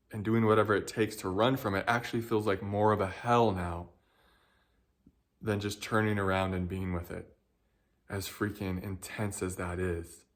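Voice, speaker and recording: Earnest man with a lowish voice. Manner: earnest, emotional, searching for words. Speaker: spiritual guide. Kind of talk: heartfelt personal reflection.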